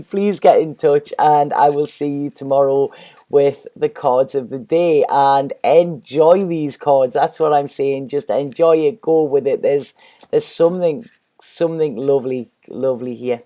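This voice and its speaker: Rambling woman tarot reader, mellow voice. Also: sits low, a little slow. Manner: rambling, repeats words, warm and effusive. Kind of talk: casual tarot reading vlog.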